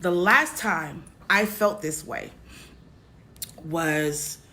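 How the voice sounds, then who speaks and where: A woman vlogger telling a personal story straight to her viewers, halting often and repeating herself. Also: low voice, sharp tone. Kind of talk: candid personal storytelling to camera.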